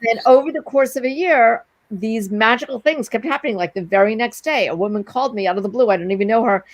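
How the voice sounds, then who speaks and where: A middle-aged woman entrepreneur, a guest in a casual interview, tells a long anecdote in an animated, breathless way, acting out the other people's quoted lines as she goes. Her voice is fairly high and fast, and the recording is dry.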